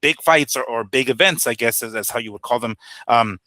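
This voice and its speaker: A man with a bright, forceful, mid-pitched voice co-hosts a boxing discussion. He thinks out loud, hesitant, with many 'uh's and 'right?'s. He is recorded dry and close. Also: a little fast, no room sound. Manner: hesitant, thinking aloud with fillers. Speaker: boxing show co-host. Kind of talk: casual chat.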